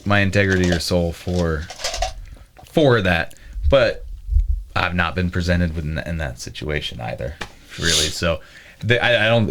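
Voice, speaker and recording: A man in his late thirties, a podcast guest who talks in a halting way, thinking aloud in short bursts during a casual discussion. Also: low-pitched, noisy background. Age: 30s.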